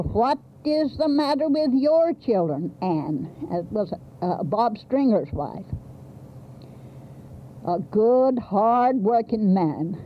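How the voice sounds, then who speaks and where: A slow, unhurried woman recounts her past in plain, homespun speech. Her words come earnest and direct, broken by small pauses. The sound is dull and carries a faint hiss, like an old archival tape. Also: mid-range voice. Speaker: midwife telling a life story. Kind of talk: plain spoken storytelling.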